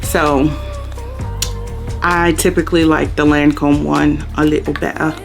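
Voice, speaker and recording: A woman's voice: sits low, measured pace, vocal fry, faint music behind. Chatty woman beauty vlogger. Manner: chatty and relaxed, with slangy asides. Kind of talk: casual makeup chit-chat.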